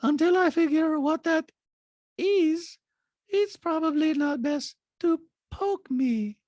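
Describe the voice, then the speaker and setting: A man voicing an eerie, detached woman who speaks slowly with no inflection, as a parody impression of a reality-show cast member. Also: very high voice, a little mellow, no room sound, lo-fi sound, pitched above the performer's own voice. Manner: slow, drawn-out, emotionless delivery.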